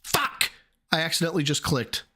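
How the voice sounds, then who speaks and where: A Midwestern American man talks over a clip on his live stream in an exasperated, swearing rush. His voice sits a little high and swings widely, leaping up when he gets worked up. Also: expressive, moderate pace, fairly bright tone. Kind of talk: casual live-stream commentary.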